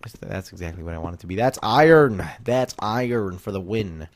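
A man's voice: on the low side, expressive, brisk. A young man giving rambling, joking commentary while playing a video game, talking to his viewers and to the creatures on screen. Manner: rambling, jokey self-talk. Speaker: gaming YouTuber. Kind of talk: Let's Play commentary.

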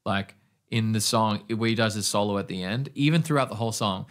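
A man's voice: lowish voice, a little fast, a bit bright. A man with an Australian accent teaching an online guitar lesson, talking enthusiastically and rambling. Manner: enthusiastic, rambling, scats rhythms aloud. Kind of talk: casual online music lesson.

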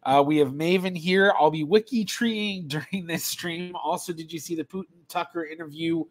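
A man's voice: fairly high pitch, moderate pace. Chatty man hosting a live stream. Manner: chatty, greets viewers one by one, laughs easily. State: allergies, sneezy. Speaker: genealogist streamer host. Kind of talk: casual live-stream chat.

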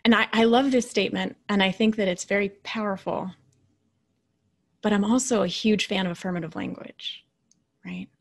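Keynote speaker, woman, thirties to forties, mid-pitched voice, conversational motivational talk that moves between lively storytelling and hushed asides. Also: normal speed. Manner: conversational and animated, dropping to quiet, hushed asides. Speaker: keynote speaker and leadership coach.

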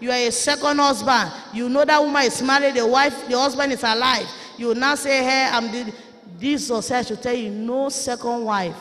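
A woman preacher with a Nigerian accent, delivering a fiery sermon, forceful and often shouting as she rebukes her listeners. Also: a little high, steady tone, moderate pace. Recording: echoey hall reverb.

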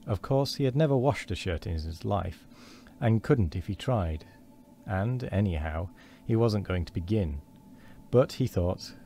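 A man reading a storybook aloud on a stream, measured and steady with small slips and restarts. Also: fairly low pitch, slight background noise.

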